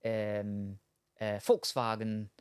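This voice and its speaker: Australian streamer, rambling casual chat, dry close sound, mid pitch. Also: little pitch movement, very slow, clear, resonant tone, no echo. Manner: rambling and hesitant, many ums; chatty, answers chat, laughs at itself. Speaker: game streamer.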